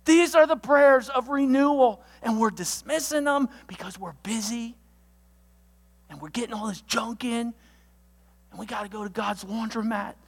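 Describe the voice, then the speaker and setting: Energetic pastor preaching with loud bursts. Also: mid-range voice, moderate pace, creaky, long reverb tail. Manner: lists points with alliterative words. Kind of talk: sermon.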